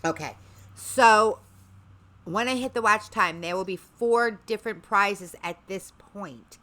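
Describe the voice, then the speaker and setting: Bright-toned chatty woman streamer. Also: medium pitch, takes it slowly. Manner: rambling, chatty, sarcastic asides. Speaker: livestream host. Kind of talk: casual livestream chat.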